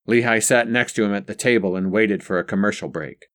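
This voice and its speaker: A man reads a story aloud in a measured, even way. His voice sits low and steady through the narration. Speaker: audiobook narrator. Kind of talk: scripted narration.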